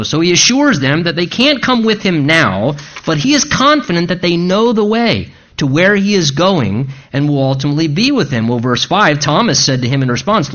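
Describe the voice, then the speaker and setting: A man preaching a sermon, earnest and emphatic yet conversational. His voice sits high and swings widely, and the recording sounds dull and lo-fi. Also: big pitch swings, normal speed, few pauses, fairly bright tone. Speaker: pastor.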